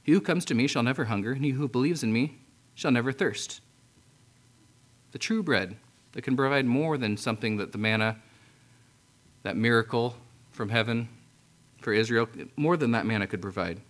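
A man's voice: mid-range voice, moderate pace, pauses often. Man preaching a conversational Bible sermon. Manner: conversational, with restarts and frequent throat-clearing. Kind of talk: sermon, reading and explaining scripture.

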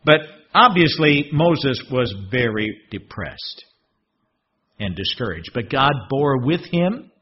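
A man preaching a sermon in a husky voice, expressive and fond of rhetorical questions. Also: medium pitch, slow, slight background noise. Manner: expressive, rhetorical questions, swings from loud to hushed. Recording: dull lo-fi recording.

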